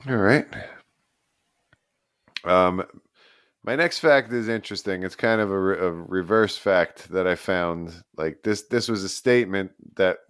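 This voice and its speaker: A man co-hosting a casual podcast game, working through rules and facts deliberately. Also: low voice, fairly bright tone, clear, resonant tone, dry recording, clean studio sound. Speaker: podcast co-host.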